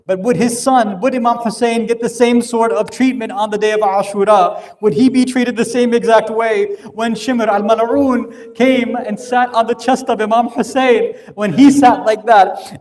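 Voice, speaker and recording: A man delivering a sermon, telling a story with growing emotion. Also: very high voice. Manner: emotional storytelling, rising in intensity. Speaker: speaker at an Islamic center. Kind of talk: sermon narration.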